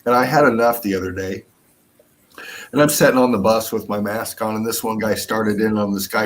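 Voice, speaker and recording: A man's voice: fairly low pitch, steady tone, fairly quick. Casting: man, casual group chat, crude and ranting. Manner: profane, ranting.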